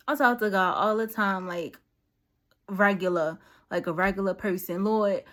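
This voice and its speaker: A woman giving casual, slangy encouragement straight to her viewers, talking directly like a friend with a message. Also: mid-range voice. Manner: conversational, slangy, direct and preachy. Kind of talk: casual motivational talk to camera.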